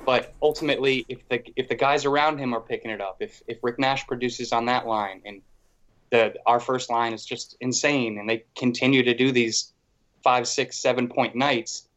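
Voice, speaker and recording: A man co-hosting a podcast, talking hockey casually in a rambling, animated way with a lot of "like". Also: mid-range voice, normal speed. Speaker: podcast co-host.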